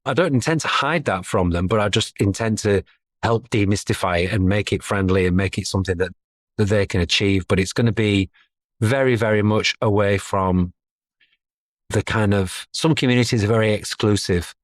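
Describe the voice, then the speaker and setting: A man's voice: fairly low pitch, moderate pace, no room sound. A middle-aged man, talking as a guest in a casual podcast interview, chatty and self-deprecating. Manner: chatty, self-deprecating, laughs between thoughts.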